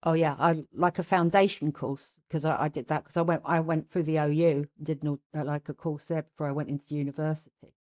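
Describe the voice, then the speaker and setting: A woman's voice: low-pitched, steady tone, fairly quick, a little mellow. A woman with a London accent chatting casually, often stumbling and repeating words. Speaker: podcast regular. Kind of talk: casual group chat.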